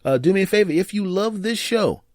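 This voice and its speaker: Animated man hosting a solo podcast. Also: high-pitched, brisk, no echo, studio quality. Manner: animated storytelling with laughs and mock voices. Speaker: podcast host. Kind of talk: solo comedic podcast monologue.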